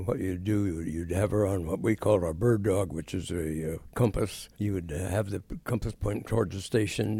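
An older man in his nineties, a war veteran, telling stories in an interview, unhurried and halting with many fillers. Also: low voice, creaky, warm tone, breathy edge, no room sound. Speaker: Korean War veteran guest. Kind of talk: interview storytelling.

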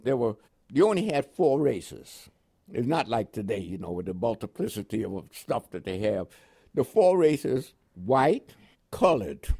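An older man from Panama tells his life story in an oral history interview, animated and often chuckling. He speaks with a New York accent tinged with West Indian inflections, in a fairly high, slightly rough voice.

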